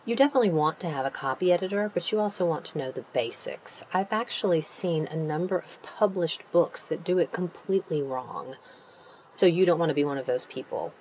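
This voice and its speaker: A woman author delivers a recorded writing lecture, explaining patiently and spelling out punctuation marks as she goes. Her voice sits on the low side and jumps up sharply on stressed words. The recording is dull and lo-fi, with a faint room hum underneath. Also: expressive, a little fast, darkish tone. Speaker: author teaching a writing workshop.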